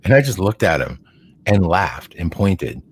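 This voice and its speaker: A middle-aged man co-hosting a casual podcast chat, talking in a rambling, animated way with lots of fillers. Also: low voice, a little slow, slightly rough. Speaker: podcast co-host.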